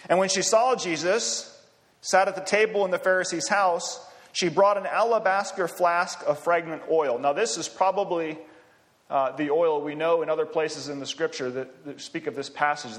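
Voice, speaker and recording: A man's voice: high voice, a bit bright. A man preaching a sermon in a conversational way, with asides and light chuckles. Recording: long hall reverb.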